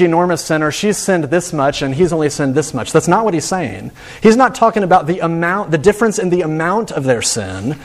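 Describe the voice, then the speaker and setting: A male preacher delivers a sermon with earnest emphasis. His voice sits a little higher than most men's, and he doubles back on words as he drives each point home.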